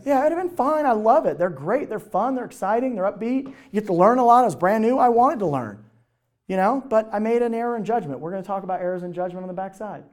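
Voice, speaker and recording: High-voiced man giving a motivational talk. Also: quick pace. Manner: animated storytelling, asks audience questions. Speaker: speaker at a business team event. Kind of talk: motivational talk to a live audience.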